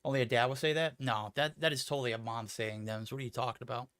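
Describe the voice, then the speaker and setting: A man casting esports, animated and joking, with big swings in loudness. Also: medium pitch, fast, dry recording. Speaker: esports caster. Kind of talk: esports commentary. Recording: music playing behind the voice.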